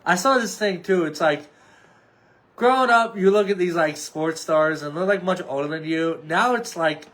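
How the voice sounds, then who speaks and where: Solo podcast host, thirties, male, higher register, offhand and rambling with lots of fillers. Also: normal speed, a bit bright. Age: 30s. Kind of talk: casual solo sports chat.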